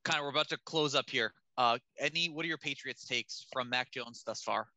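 A man's voice: mid-range voice, brisk, sharp tone, dry recording. A man hosting a casual podcast, asking teasing questions and laughing often. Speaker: podcast host.

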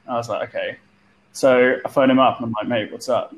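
A man's voice: mid-range voice, fairly even intonation, fairly quick, low-quality recording. A man telling stories in a casual group chat, often repeating words as he starts a phrase. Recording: light background noise.

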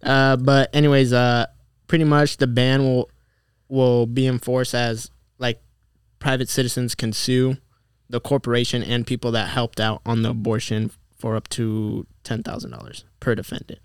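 A man's voice: mid-range voice, little pitch movement, moderate pace, clear, resonant tone, dry recording, studio quality. A man co-hosting a casual podcast, joking loosely and swearing a lot. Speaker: podcast co-host.

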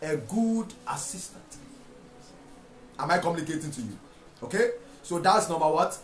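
A man preaching a sermon, repeating phrases and rising to shouted rhetorical questions. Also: a little high, sing-song, normal speed. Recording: echoey room with faint music.

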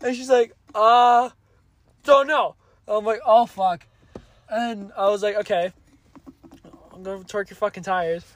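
A man's voice: high-pitched, steady tone, a little slow, long pauses, no echo. Profane rambling man telling a story. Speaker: podcast co-host. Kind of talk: casual chat, storytelling.

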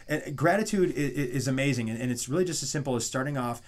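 A man's voice: mid-range voice, fast. A man in his thirties hosting a casual podcast, talking loosely with many restarts and asides. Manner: rambling, many restarts and "you know what I mean". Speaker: podcast host.

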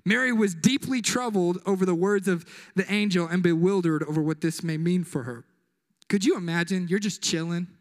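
Young guy youth pastor, high voice, slangy jokey sermon, echoey church hall. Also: normal speed. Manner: joking, slangy, conversational. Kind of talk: casual sermon.

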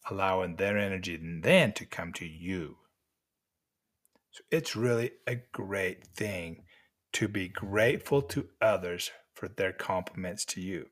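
An older man giving gentle, encouraging life lessons to mentees at an unhurried pace with pauses. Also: lowish voice. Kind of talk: motivational talk to mentees.

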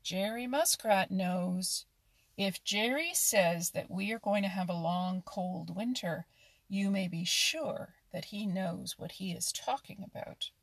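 A woman voicing a wise, gruff old male frog in a storybook. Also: mid-range voice, slow pace, no room sound. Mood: grave.

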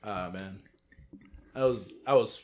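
A man's voice: on the low side, slow pace. A young man casually telling a story on a podcast, swearing freely and acting out what everyone said. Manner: animated, swearing storyteller who acts out quotes. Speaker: podcast co-host.

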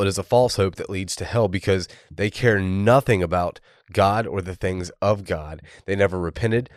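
A man hosts a podcast in an earnest, exhorting preaching style. His voice sits very low. The recording is dry and close, with no room sound. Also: dry recording. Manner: earnest and exhorting, spells out words. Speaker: podcast host.

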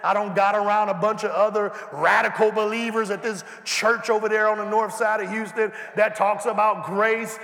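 A man preaching a sermon, calling out to the congregation and building to shouts. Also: high voice, steady tone, normal speed, vocal fry, hardly any pauses. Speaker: pastor. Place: large church hall. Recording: echoey church hall.

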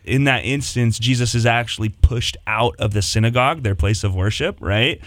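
A man co-hosting a pastors' discussion show, retelling scripture in a lively, conversational way. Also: mid-range voice, moderate pace, no room sound. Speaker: pastor co-host.

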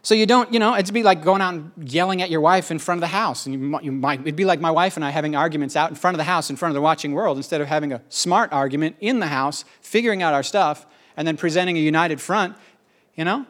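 A middle-aged male pastor preaching a sermon in an animated, fast-talking way with jokey asides. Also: on the high side.

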